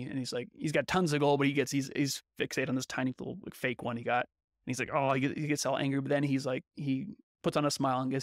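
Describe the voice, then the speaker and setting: A man's voice: mid-range voice, level tone, quick pace, no echo, clean studio sound. A man co-hosting a podcast in casual discussion, talking in a thoughtful, analytical way and sometimes searching for words. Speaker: podcast co-host.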